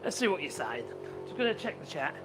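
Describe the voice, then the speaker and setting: Chatty man with a lively voice. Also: a little high, fairly quick, loud music behind the voice. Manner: chatty, thinks aloud and hums tunelessly to himself. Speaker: woodworking livestream host. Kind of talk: casual live-stream chat while working.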